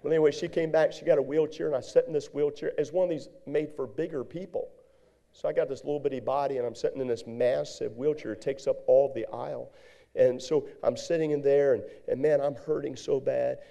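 A middle-aged male preacher telling a story in a sermon, animated, with sudden high outbursts. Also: brisk, creaky.

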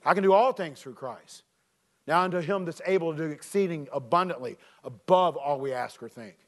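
A man preaching as a youth director, telling a story with animated shouts and earnest appeals. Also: on the high side, fairly quick. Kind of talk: sermon with personal storytelling.

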